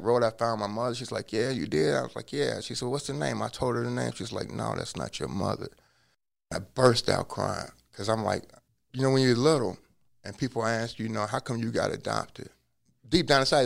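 A man telling his life story in a relaxed interview, acting out what people said to him. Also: mid-range voice, a little fast, gravelly. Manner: acts out quoted dialogue in a lively way; casual, drops curse words. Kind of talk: conversational storytelling.

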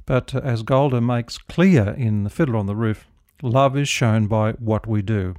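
Casting note: middle-aged minister, gentle storytelling, dry studio sound. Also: male voice, on the low side, a little slow, no room sound. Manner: gentle storytelling, prayerful close. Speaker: devotional host, minister. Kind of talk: radio devotional talk.

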